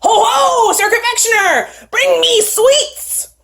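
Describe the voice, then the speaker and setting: A woman voicing a tiny, bossy male magical sprite who shouts his demands in a storybook tale. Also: very high-pitched, slow pace, gravelly, a little hiss or hum, voice pushed up, full character voice. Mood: demanding.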